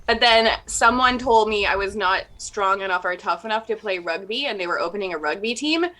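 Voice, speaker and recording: Woman co-host, game developer, upbeat casual chatter with a bright, forward tone. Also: mid-range voice. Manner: upbeat and chatty, quick to laugh. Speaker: game developer co-hosting a gameplay stream. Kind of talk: casual chat over gameplay.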